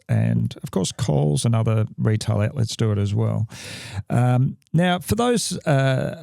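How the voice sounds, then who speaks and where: An Australian man co-hosting a podcast, gravelly and mellow in tone. He talks in halting bursts, stopping and restarting his sentences. The sound is dry and close. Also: medium pitch, no room sound. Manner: halting, many restarts and fillers. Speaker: podcast co-host. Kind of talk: casual chat. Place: podcast studio.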